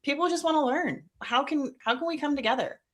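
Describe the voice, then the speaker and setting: A woman's voice: sits high, fast, fairly bright tone. A woman co-hosting a podcast, chiming in to agree and laughing often as she talks. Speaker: podcast co-host. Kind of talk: casual podcast interview.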